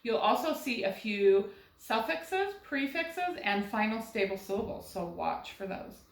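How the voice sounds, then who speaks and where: A woman's voice: fairly high pitch, very animated, unhurried, reverberant, low-quality recording. A woman teaching a recorded first grade phonics lesson, patiently sounding words out syllable by syllable and asking guiding questions. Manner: asks rhetorical questions to guide young students.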